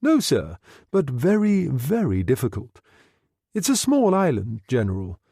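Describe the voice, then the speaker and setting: A man's voice: medium pitch, huge pitch swings, unhurried, gravelly, warm tone, breathy edge, dry recording, studio quality, exaggerated voice. A man reading a novel aloud, voicing a cautious brigadier who speaks carefully and deferentially. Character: cautious brigadier, intelligence chief.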